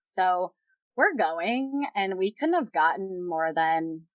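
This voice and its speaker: A woman's voice: lowish voice, lively intonation, slow, no room sound, muffled recording. A young woman guest on a podcast, candidly retelling a personal story with lots of quoted dialogue.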